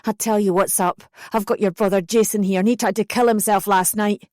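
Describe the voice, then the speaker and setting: A woman's voice: medium pitch, fairly even intonation, brisk, no room sound, clean studio sound, natural voice. A woman reading as a furious mother screeching down the line. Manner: shouting, spitting scorn. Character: angry middle-aged mother, harsh and defensive. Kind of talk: audiobook narration.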